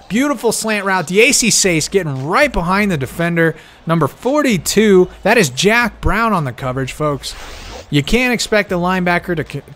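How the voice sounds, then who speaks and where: A man calling a simulated football game play by play. He gets excitable, rises to shouts on big plays, and keeps talking straight to the listeners as folks. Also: high voice, a little hiss or hum. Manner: talks directly to the audience, calling them folks. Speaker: play-by-play commentator.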